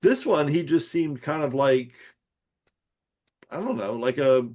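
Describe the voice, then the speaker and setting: A man's voice: fairly high pitch, expressive, a little slow, darkish tone. A man co-hosting a podcast, talking about a movie in a hesitant, agreeable way with many restarts. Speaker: podcast co-host. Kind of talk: casual movie chat.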